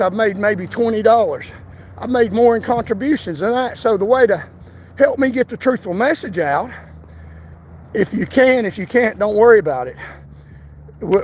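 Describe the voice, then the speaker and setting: A man's voice: sits high, darkish tone, slight background noise. A man, livestreaming a defiant, repetitive rant while walking outdoors toward a bridge. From Tennessee. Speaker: political livestreamer.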